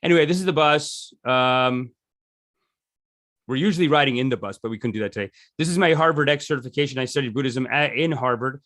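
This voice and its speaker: A man's voice: medium pitch, brisk, a bit bright, no room sound, clean studio sound. A man teaching a meditation session in a loose, rambling, jokey way, often restarting his sentences. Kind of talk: casual teaching talk.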